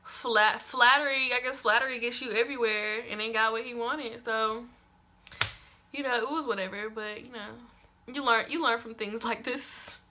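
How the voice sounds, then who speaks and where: Bright, animated young woman vlogger. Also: fairly high pitch, moderate pace, a little hiss or hum. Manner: animated, dramatic, keeps addressing viewers as y'all. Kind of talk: story time vlog.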